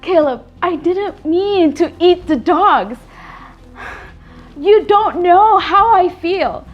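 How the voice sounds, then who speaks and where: A woman playing a very high-voiced pleading young woman. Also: lively intonation, slow, highs cut off, soft background music, exaggerated voice. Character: troubled young woman begging forgiveness.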